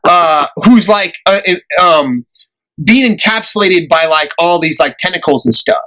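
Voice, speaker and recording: Animated high-voiced podcast host. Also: male voice, a little slow, rough recording. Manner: animated storyteller, acts out quoted voices, laughs often. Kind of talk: casual storytelling chat.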